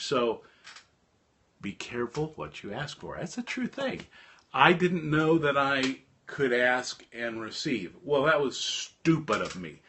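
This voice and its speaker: A middle-aged man telling a rambling, animated personal story in a casual monologue to his viewers. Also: medium pitch, slow. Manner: animated, rambling, with frequent restarts. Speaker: host of a live stream talk.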